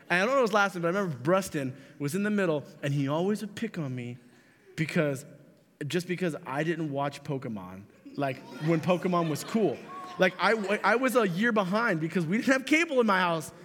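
Animated young man preaching in a reverberant hall. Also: sits high, brisk. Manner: animated, jokey storyteller who addresses the audience directly. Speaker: youth pastor. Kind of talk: youth sermon with comic storytelling.

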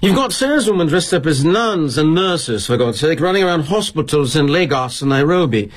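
A man's voice: fairly high pitch, very animated, fairly quick, breathy edge, pitched above the performer's own voice. A man voicing an indignant young British employee with a British accent, sputtering and heated.

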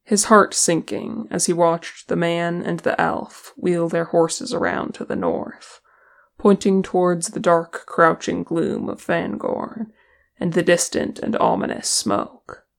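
A reader tells a fan fiction story at an unhurried pace. The voice has a gravelly texture, and the storytelling is steady and even. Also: medium pitch. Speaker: audiobook reader. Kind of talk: fan fiction audiobook narration.

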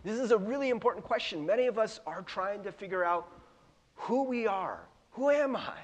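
Chatty higher-voiced pastor in a reverberant hall. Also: male voice, animated, normal speed. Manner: chatty, self-deprecating, with fillers and asides. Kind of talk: casual sermon. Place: church sanctuary.

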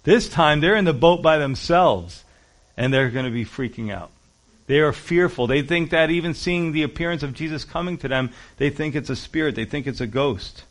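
A man preaching a sermon, pastor-style, acting out scripture quotes with rising and falling loudness. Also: on the high side, normal speed. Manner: animated preaching, acts out Bible quotes with shifting loudness.

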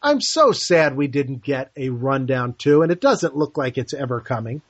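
A man's voice: medium pitch, very animated, moderate pace, dry recording. A man co-hosting a podcast in casual film discussion, enthusiastically retelling movie scenes. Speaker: podcast co-host. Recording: dull lo-fi dry sound.

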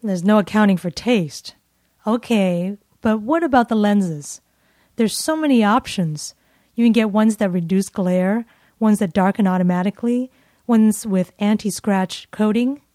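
A woman's voice: medium pitch, measured pace, mellow, no echo, clean studio sound, close to an everyday voice. A woman voicing a bossy shopping companion in a scripted dialogue, teasing and pushy.

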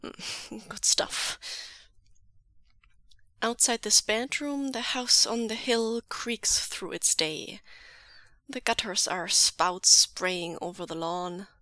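Here is a woman reading a story aloud in a slow, measured way, her voice soft and often near a whisper. Her tone is bright and close-miked. The sound is dry with no room echo. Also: mid-range voice, fairly even intonation. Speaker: podfic reader. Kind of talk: reading fan fiction aloud.

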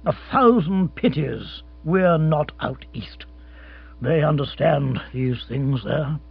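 A man voicing a gruff, morose big-game hunter captain who talks bluntly and deliberately. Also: on the high side, lively intonation, no echo, full character voice. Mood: grim. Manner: blunt, grim, slow and deliberate. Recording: tinny phone-like sound with mains hum.

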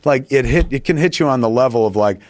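A man's voice: mid-range voice, expressive, quick pace, darkish tone, dry recording. A man telling a long, profane anecdote in casual podcast talk, acting out the quotes as he goes. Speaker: podcast guest. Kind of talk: casual storytelling.

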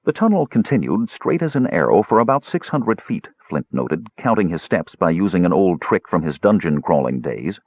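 Deep husky male narrator. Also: very animated, moderate pace, hardly any pauses, dry recording, highs cut off. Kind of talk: audiobook narration.

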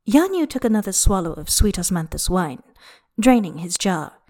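A woman reading a story aloud as narrator, expressive and unhurried with lingering pauses. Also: medium pitch. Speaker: audiobook reader. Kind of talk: scripted narration of fan fiction.

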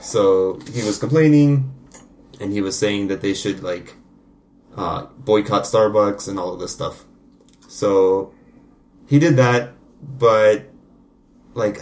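A man's voice: lowish voice, measured pace, darkish tone. A young man co-hosting a casual podcast, rambling through a story with lots of "like" and "um". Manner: rambling, hedging with "like" and "um". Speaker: podcast co-host. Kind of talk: casual chat.

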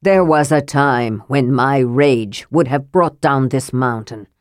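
A woman voicing an old male dwarf possessed by a dead prince, speaking slowly in a stern, cold voice. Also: a bass voice, dry recording, clean studio sound, voice pushed down. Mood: wrathful. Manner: slow, hard.

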